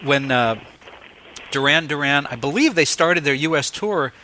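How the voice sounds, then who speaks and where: A man in his fifties hosting an interview, telling stories in a casual, animated way and acting out the voices he quotes. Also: on the high side, moderate pace, a little hiss or hum. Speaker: interviewer host.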